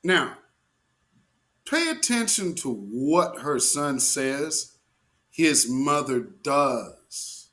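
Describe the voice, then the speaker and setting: A man's voice: medium pitch, big pitch swings, pushed and bright. A man hosting an online show, giving casual, emphatic commentary straight to his viewers. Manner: drawn-out, emphatic, talks to viewers. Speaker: host.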